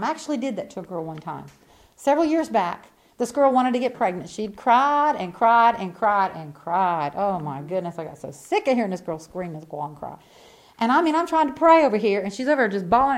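Woman preacher, higher pitch, very lively intonation, folksy storyteller with loud bursts and hushed asides. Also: a little fast. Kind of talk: sermon.

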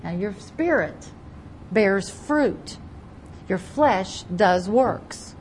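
A woman's voice: medium pitch, lively intonation, extremely slow, a little mellow, slight background noise, poor audio. Woman preacher, Bible teaching sermon, emphatic, repeats key words, reads scripture aloud, faint background ambience. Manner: reads scripture aloud in King James wording.

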